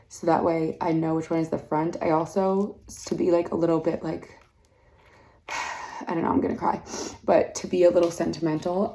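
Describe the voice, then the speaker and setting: Hoarse, chatty woman vlogging, mellow low voice. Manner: rambling, with many fillers and "like"s. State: hoarse, losing her voice. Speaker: bride vlogging her wedding week. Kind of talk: casual chatty vlog. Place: mud room indoors.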